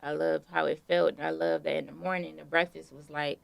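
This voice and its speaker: A young woman with a low voice and a strongly gravelly, fry-heavy texture. She talks in a relaxed, storytelling way during an interview, full of fillers. The sound is dry and close. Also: a little fast, no room sound. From Detroit. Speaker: guest artist. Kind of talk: casual interview conversation.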